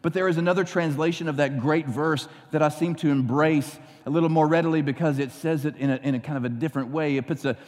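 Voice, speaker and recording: A male pastor preaching a sermon, emphatic at times and quiet and earnest at others, ending in prayer. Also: a little high, steady tone, fast talker, hardly any pauses. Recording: long reverb.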